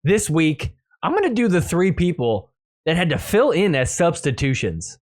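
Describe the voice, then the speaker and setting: Excitable male pickleball podcast host. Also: fairly high pitch. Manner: excitable, laughing, mock-quoting players. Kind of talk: casual sports recap.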